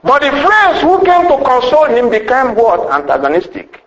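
A man's voice: extremely high pitch, lively intonation, moderate pace, fairly bright tone, echoey room, rough recording. A man preaching a sermon with emphasis, rhetorical questions and a repeated refrain.

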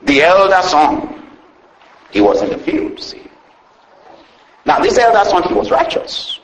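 A man preaching a sermon, retelling a parable with lively storytelling and a habit of asking "see?" after each point. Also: high-pitched, unhurried, gravelly. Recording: roomy echo.

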